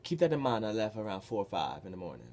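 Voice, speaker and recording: A young man telling a story from his past in a casual, animated, profane way, with sudden loud bursts. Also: on the low side, fast talker. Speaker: vlogger.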